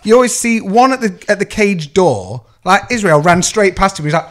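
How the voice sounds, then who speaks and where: A podcast co-host who keeps teasing and joking with his guests. His voice sits a touch higher than most men's. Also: expressive, moderate pace, a bit bright. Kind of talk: casual banter.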